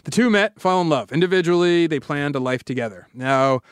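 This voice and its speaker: High-voiced man telling a story with jokes. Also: brisk, clean tone, no room sound, studio quality. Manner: jokey, animated retelling with playful asides. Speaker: podcast co-host. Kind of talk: casual storytelling chat.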